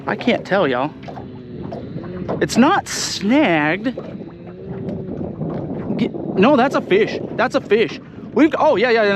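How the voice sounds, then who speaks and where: A man giving excited, laughing commentary while fishing on a lake, talking to his viewers. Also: high-pitched. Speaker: fishing vlogger. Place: outdoors on a boat on a lake. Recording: noisy outdoor boat recording.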